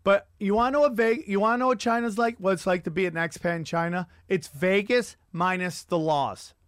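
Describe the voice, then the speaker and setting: A man hosting a podcast, telling stories in an animated, profane comedic rant. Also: high-pitched, fairly quick, no echo, studio quality. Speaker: podcast host.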